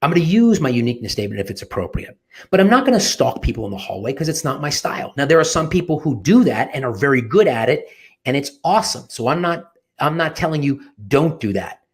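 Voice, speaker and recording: A husky-voiced man gives a fired-up motivational talk on sales and networking. He speaks emphatically, with frequent restarts and self-corrections, at a middle pitch. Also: fast. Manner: energetic, emphatic, with many restarts.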